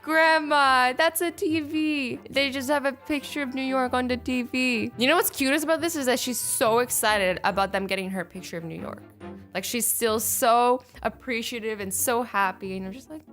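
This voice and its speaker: A young woman with a high-pitched voice hosts a casual YouTube reaction video. She's expressive and playful, slipping into quick voices for the people she reads about.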